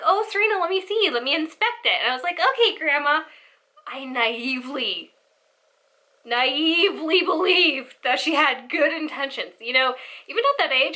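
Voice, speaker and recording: A young woman telling a family story in a casual, animated way, acting out the voices of her relatives. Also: high-pitched. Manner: animated, acts out family members' lines. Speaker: storyteller vlogger.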